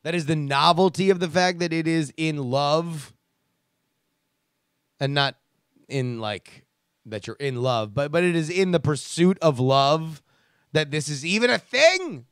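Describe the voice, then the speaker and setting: A man's voice: a little high, animated, a little slow, long pauses, fairly bright tone, clear, resonant tone, no room sound, clean studio sound. A man hosting a casual commentary show who rants in a sarcastic, profane way and reads listener emails. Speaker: podcast host reading listener emails.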